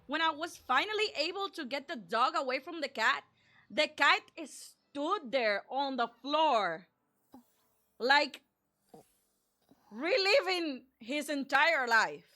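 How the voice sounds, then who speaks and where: A woman streamer telling a personal story in an animated, chatty way, acting out the dialogue and saying "like" often. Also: high-pitched, slow pace. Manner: animated, acts out dialogue, frequent "like". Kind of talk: casual storytime.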